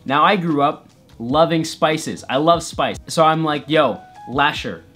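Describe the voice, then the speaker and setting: A man's voice: a little high, a little slow, a bit bright, soft background music. A man vlogger narrating a comedic personal story in a playful, exaggerated way.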